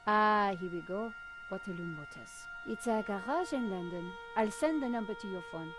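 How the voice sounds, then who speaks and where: A level-headed female investigator from an adventure game, voiced by a woman who speaks briskly and practically. Her voice sits at a middling pitch. It is clean game voice acting. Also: expressive, music in the background, lightly acted.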